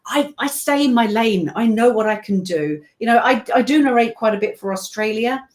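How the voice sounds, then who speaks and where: Chatting as a guest in a casual video-call interview, a British woman who works as a voice-over narrator speaks at a moderate pace, her fairly high voice animated. Her stories run long and rambling, full of asides.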